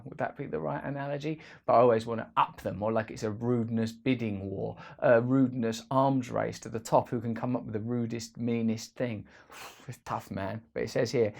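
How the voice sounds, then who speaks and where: Guy chatting away on his vlog, bit gravelly and fry-ish, jokey and rambling. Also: mid-range voice, fairly quick. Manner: rambling, playful, jokey asides. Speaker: host. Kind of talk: casual vlog monologue.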